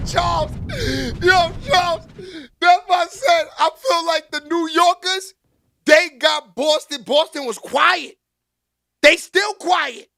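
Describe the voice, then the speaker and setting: A man hosting a vlog, giving casual and animated sports commentary in slangy talk, laughing often. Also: extremely high pitch, gravelly. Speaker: vlog host.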